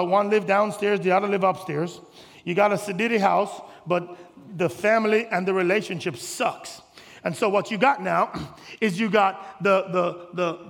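A man preaching a sermon in a church, swelling to shouts and calling on his congregation. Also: sits high, vocal fry, long reverb tail. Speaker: pastor. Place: church sanctuary.

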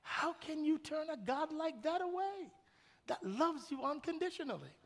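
A pastor in his thirties preaching a sermon, swinging from shouted peaks to hushed, intimate storytelling. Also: very high-pitched, expressive, moderate pace. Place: large church hall. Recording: long hall reverb.

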